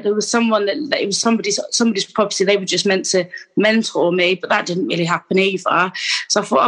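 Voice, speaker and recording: A woman's voice: mid-range voice, fairly even intonation, a little fast, a bit bright, low-quality recording. A woman, telling her personal story in an interview in a candid, rambling way with many restarts and asides. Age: 30s. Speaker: guest.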